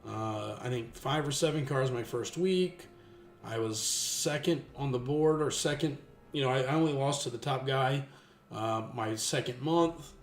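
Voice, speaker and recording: A man in his thirties telling a long, rambling story in casual chat, restarting often and getting lively when he quotes people. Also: mid-range voice, measured pace. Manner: rambling with many restarts, animated when quoting others. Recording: echoey room with faint music.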